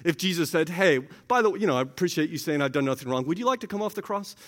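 Preaching man in a reverberant hall. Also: animated. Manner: earnest preaching, rises high and loud at climaxes, drops soft and slow for quoted words. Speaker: pastor. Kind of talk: sermon. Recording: long reverb of a large hall.

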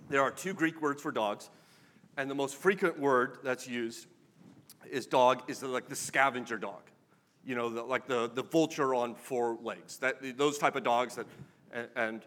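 A man's voice: medium pitch, a bit bright. A man preaching a sermon in a conversational, wry way, pressing his points with emphatic questions. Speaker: pastor.

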